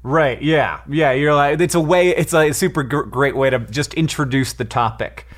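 A man co-hosting a podcast, chatting playfully with his brother, laughing often and tossing in quick asides. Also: on the high side. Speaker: podcast co-host. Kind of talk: casual chat with brother, reading listener questions.

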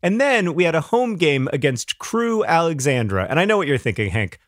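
A man's voice: fairly high pitch, very animated, a little fast, a bit bright, no room sound, clean studio sound. A man co-hosting a podcast in casual chat, wry and rambling, often restarting his sentences. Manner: wry, rambling with self-corrections. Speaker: podcast co-host.

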